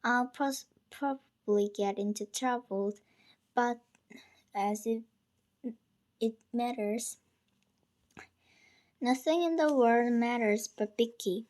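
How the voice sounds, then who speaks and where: Reading a first-person story aloud, a woman goes slowly and carefully in a slightly high, a little mellow voice. Now and then she stumbles on a word and restarts it, giving the reading a homemade, unpolished feel.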